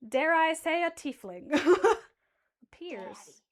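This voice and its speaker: High-voiced woman running a tabletop game. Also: very animated, very slow. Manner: casual, swears freely, self-correcting. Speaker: game master.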